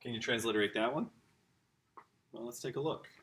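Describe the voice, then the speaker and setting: A man's voice: medium pitch, a little fast, a bit bright. A man teaching a casual lesson, talking straight to the kids and their parents with eager enthusiasm. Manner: enthusiastic, chatty, addresses the kids directly. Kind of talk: informal home-school lesson.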